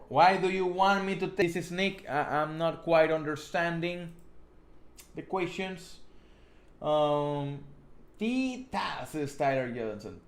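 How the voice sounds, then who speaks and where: A man with a thick Spanish accent hosts a casual live stream, reading viewers' questions aloud and answering off the cuff. His voice sits a little high for a man, and he rambles, restarting and correcting himself as he goes. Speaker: host.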